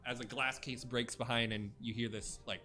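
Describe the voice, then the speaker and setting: A young man narrating a tabletop game as game master, halting with many fillers. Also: mid-range voice, fairly even intonation, pushed and bright.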